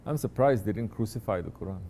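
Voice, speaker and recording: A man's voice: on the low side, animated, fast talker, warm tone, slight background noise. A man, a sheikh, teaching his disciples in a conversational sermon, often turning to ask listeners if they understand.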